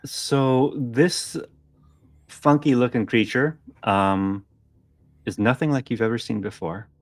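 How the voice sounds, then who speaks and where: A man narrating as game master of a tabletop game, relaxed and describing the scene. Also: mid-range voice, slow pace, no echo.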